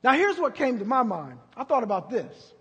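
A pastor preaching a sermon, moving from quiet storytelling to loud, drawn-out preaching. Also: male voice, extremely high pitch, sing-song, husky, big-room sound, highs cut off.

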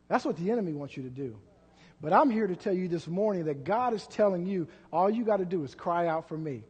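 A man preaching a sermon as pastor, full of rhetorical questions and swinging between loud and soft. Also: high voice, expressive, fairly quick, husky. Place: church. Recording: long church hall reverb.

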